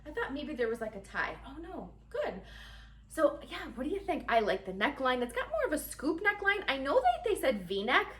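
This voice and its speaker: A woman's voice: sits high, very animated, normal speed, a bit bright, roomy sound, recorded from a distance, slight background noise. A woman chatting casually and giggling through a try-on haul, talking straight to her viewers. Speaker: fashion vlogger.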